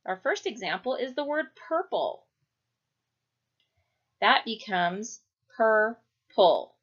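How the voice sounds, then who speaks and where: A woman teaching a children's phonics lesson, speaking clearly and drawing out each syllable. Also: a little high, sing-song, fairly bright tone. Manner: slow, clear, stretching out syllables. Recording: dull lo-fi recording.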